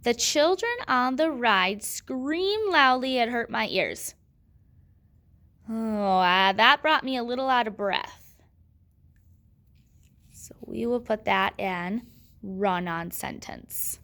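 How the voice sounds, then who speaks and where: A woman's voice: a little high, expressive, slow pace, long pauses, sharp tone. A woman teaching a grammar lesson, patiently asking questions and answering them herself.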